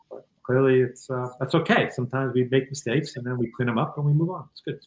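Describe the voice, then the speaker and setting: A middle-aged man telling a personal story as a guest, in a calm, reflective and candid way over a video call. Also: mid-range voice, fast, reverberant, low-quality recording. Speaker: guest author. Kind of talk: conversational storytelling.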